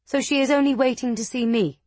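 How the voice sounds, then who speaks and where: A woman's voice: high voice, steady tone, fairly quick, a little mellow, no room sound, voice pushed up. A woman voicing a fierce, blunt young warrior woman in an audiobook, curt and commanding. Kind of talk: audiobook character voice.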